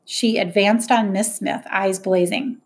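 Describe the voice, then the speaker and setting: Woman, audiobook narration, measured, middle pitch. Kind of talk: first-person audiobook narration.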